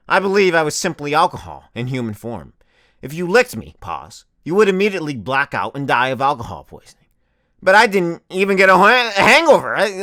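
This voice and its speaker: A man's voice: a little high, sharp tone, no echo, studio quality. A young man delivering a profane comedic rant as the host of a comedy video, swearing constantly and exaggerating for laughs.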